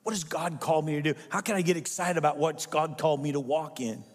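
A man's voice: a little high, fairly even intonation, fast talker, in a large hall. A male pastor preaching a sermon with emphatic delivery, firing rhetorical questions at the congregation.

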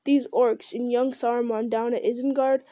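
Woman reading as an old old tree giant guy, slow and humming, mellow voice, kinda high, dry sound. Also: level tone, no room sound, close to an everyday voice. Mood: musing. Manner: slow, deliberate, musing with hums. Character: ancient slow-spoken male tree giant. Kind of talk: reading a fantasy novel aloud.

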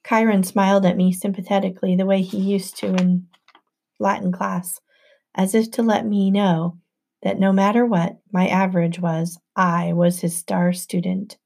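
A woman reading a novel aloud in the first person as an audiobook narrator, in an even, storytelling manner. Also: on the low side, gravelly.

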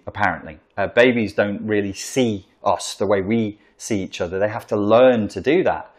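Lowish-voiced man explaining things casually. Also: moderate pace, few pauses. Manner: rambling and emphatic, acting out examples. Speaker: commentator explaining narcissism.

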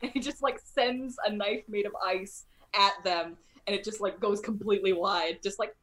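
A woman playing a character in a tabletop role-playing game, with an expressive, playful manner. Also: medium pitch, moderate pace. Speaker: player.

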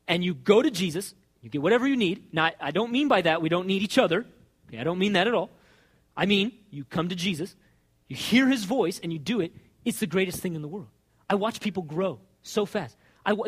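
A husky male pastor delivers a chatty sermon on a fairly high voice. His pitch leaps and dips all the time, and he keeps tossing in "right?" to the listeners as he acts out little exchanges. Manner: animated and conversational, keeps asking "right?".

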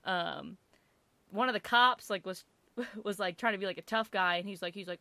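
Woman rambling thru a wild family story, bright voice, dry sound, lots of likes and ums. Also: medium pitch, moderate pace, dry recording. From Italian-American family. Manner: animated, lots of fillers, swears, acts out quotes loudly. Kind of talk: casual storytelling chat.

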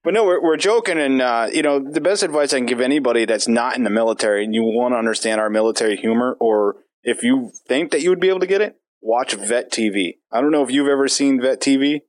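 A man's voice: mid-range voice, quick pace, hardly any pauses, no echo. A man in his thirties hosting a podcast, casual chat with crude jokes and frequent laughs. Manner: laughs often, crude joking. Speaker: podcast host.

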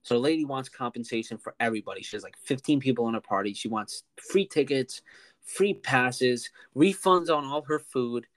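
Animated young man telling a story. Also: mid-range voice, moderate pace, dry recording. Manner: animated, heavy use of "like". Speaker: podcast host. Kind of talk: casual storytelling.

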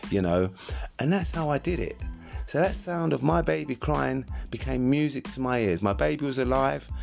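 A man's voice: medium pitch, creaky, a little mellow. An older man hosting a solo podcast, telling stories in a rambling, laid-back, chatty way. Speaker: podcast host. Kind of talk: reflective solo storytelling podcast.

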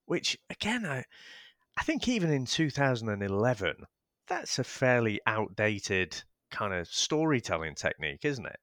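A man's voice: medium pitch, very animated, normal speed, a bit bright, no echo, studio quality. A man co-hosting a casual film review podcast, easygoing and chuckling, hedging his points with "you know". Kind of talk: casual chat.

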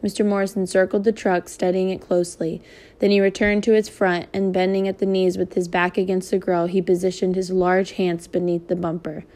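A woman reading a novel aloud in a steady, even manner. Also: on the low side, brisk. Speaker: reader.

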